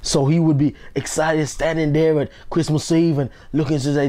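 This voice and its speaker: A man delivering a Sunday-style motivational talk, rallying listeners to repeat his lines back. His voice sits on the higher side but has a mellow, warm tone, with a preacher-like rhythm that circles back on its phrases. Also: steady tone, normal speed, few pauses. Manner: rallying, repetitive call-and-response, preacher-like cadence. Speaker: motivational speaker.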